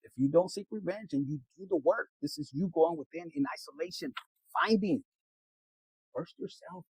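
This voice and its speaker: A man's voice: on the high side, normal speed, husky, dry recording, poor audio. A man giving a casual tarot reading, preachy and blunt, swearing often and dropping in Spanish slang words. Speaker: tarot reader.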